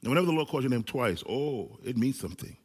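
A male pastor preaching a sermon to a small church gathering, with animated delivery that swings between loud and hushed. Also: mid-range voice, quick pace, husky, big-room sound. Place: small church service with few people present.

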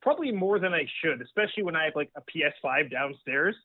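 A man's voice: on the high side, animated, fast, no room sound. A man calling in as a podcast guest by phone, talking with eager enthusiasm. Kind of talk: casual podcast chat. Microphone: phone line. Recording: tinny phone line.

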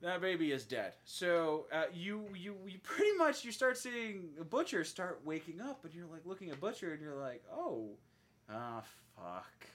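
A man's voice: moderate pace, hardly any pauses. A man hosting a podcast in casual chat, animatedly retelling a show and acting out its lines. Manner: animated storytelling, acts out lines with big pitch jumps. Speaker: podcast host.

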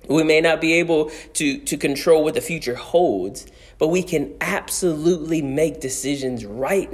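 A man preaching a conversational sermon as pastor, telling stories and repeating key phrases for emphasis. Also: on the high side.

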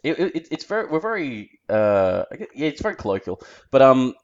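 An Australian man in casual podcast chat. His pitch swings widely as he talks, and he keeps slipping into quick impressions of other people. The recording sounds dull and lo-fi. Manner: animated, jumps into put-on voices to mimic people.

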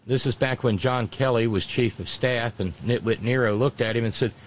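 A man's voice: medium pitch, normal speed, low-quality recording. A man giving a casual political commentary monologue, mocking and sarcastic, often breaking off and restarting.

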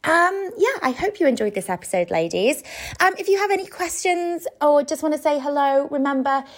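A woman in her thirties hosting a solo coaching podcast, talking gently and reflectively, with soft laughs and frequent "you know". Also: high voice, expressive, fairly quick. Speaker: podcast host and business coach.

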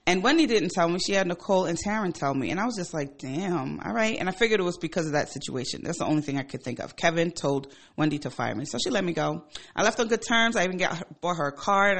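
A woman in her forties, a radio show host, telling a personal story in a casual, animated and profane way. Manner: animated and profane, with emphatic swings in pitch and loudness.

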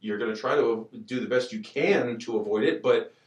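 A man in casual podcast chat, telling stories in an animated, excitable way. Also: medium pitch, moderate pace, echoey room, recorded from a distance.

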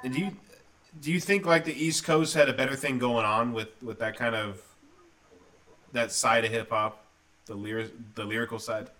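A man hosting a casual interview chat, relaxed and asking follow-up questions. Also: mid-range voice, normal speed, recorded from a distance, slight background noise. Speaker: host. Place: lives in Texas.

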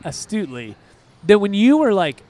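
Rambling, excitable man with a higher voice. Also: normal speed. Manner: rambling, excitable, goes off on tangents. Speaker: podcast co-host. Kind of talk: casual chat.

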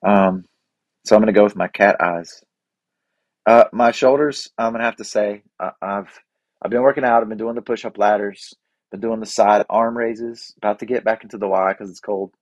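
A man's voice: lowish voice, no room sound. A man in his forties talking in a casual, reflective way about family traditions and gratitude, rambling with fillers and restarts. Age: 40s.

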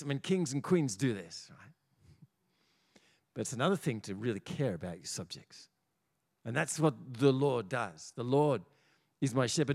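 The speaker is an Australian pastor of medium pitch, preaching animatedly inside a church auditorium. As his arguments build, he often echoes small words over and over.

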